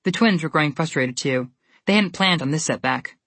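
A woman with a low voice narrates a storybook, reading in a steady, even way. The recording is close and dry, with no room around her. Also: fairly quick, no room sound.

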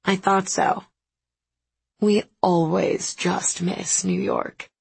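A woman's voice: lowish voice, little pitch movement, extremely slow, gravelly, husky, exaggerated voice, low-quality recording. Woman voicing a worldly, wistful hostess. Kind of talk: audiobook character voice.

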